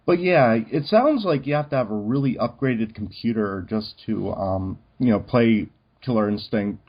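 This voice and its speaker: A man's voice: fairly low pitch, moderate pace, husky. A man co-hosting a podcast in casual chat, talking loosely with many fillers. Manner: chatty, many fillers like "um" and "you know". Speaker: podcast co-host. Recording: dull lo-fi recording.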